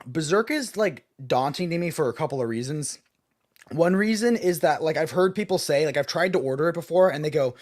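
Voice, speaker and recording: A man's voice: fairly high pitch, animated, fairly quick, a little mellow. A man co-hosting a casual comics talk show, chatty with many fillers and frequent laughs. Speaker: podcast host. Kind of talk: casual chat about comics.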